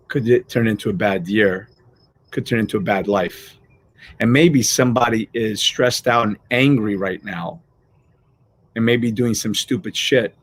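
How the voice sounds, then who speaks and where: A man's voice: mid-range voice, a little hiss or hum. A middle-aged man hosting a motivational live show, talking casually and animatedly, swearing freely and acting out everyday scenes.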